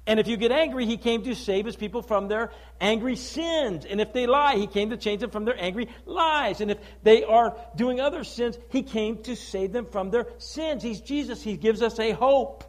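A man delivers a sermon in a high, lifted voice. He leans hard on his points and keeps asking the listeners rhetorical questions. He shifts between loud declaiming and hushed, heavy stress. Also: moderate pace, hardly any pauses, rough recording. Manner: emphatic, preaching with rhetorical questions; swings from loud declaiming to low, quiet stress. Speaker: preacher.

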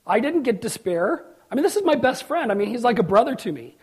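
A middle-aged pastor preaches in a very high, darkish voice with a breathy edge, talking fast and very animated. He tells personal stories, acts out the quoted voices, and builds to emphatic peaks.

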